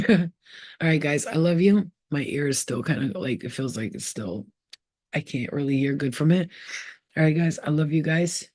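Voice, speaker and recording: A woman's voice: normal speed, no room sound, studio quality. Blunt, profane spiritual healer woman. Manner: blunt and profane, acts out quoted voices; animated, often jumps higher in pitch. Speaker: spiritual healer and channel host. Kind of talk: casual spiritual pep talk to viewers.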